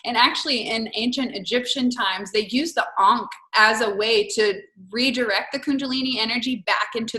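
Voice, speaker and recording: A woman's voice: mid-range voice, sharp tone, reverberant. A woman hosting a podcast, telling candid stories in casual chat with lots of "like" and the odd swear word. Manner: candid storytelling with swearing and filler "like". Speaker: podcast host.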